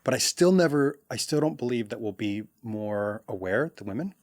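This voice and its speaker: A man's voice: mid-range voice, moderate pace, dry recording, studio quality. A man speaking as a podcast guest and coach, talking casually and acting out little quoted reactions. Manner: animated, acts out quoted reactions. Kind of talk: casual conversational interview.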